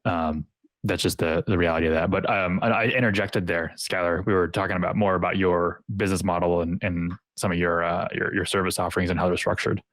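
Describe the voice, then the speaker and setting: Deep-voiced male podcast host. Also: a little fast, dry recording. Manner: relaxed, chatty, with fillers and restarts. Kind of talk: casual conversational interview.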